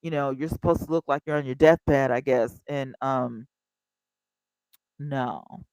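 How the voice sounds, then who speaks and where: A woman's voice: very deep voice, measured pace, smooth, no room sound, poor audio. Chatty woman in her fifties, dry sound. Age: 50s. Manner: animated, chatty, talks straight to viewers. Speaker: livestream host. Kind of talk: casual livestream chat.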